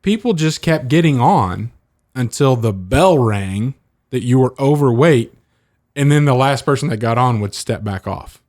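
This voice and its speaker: A man co-hosting a podcast, telling stories in a lively way and often breaking into laughter. His pitch is mid-range for a man. The sound is close and dry, with no room echo. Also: a little slow. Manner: animated storyteller, laughs a lot. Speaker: podcast co-host. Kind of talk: casual chat.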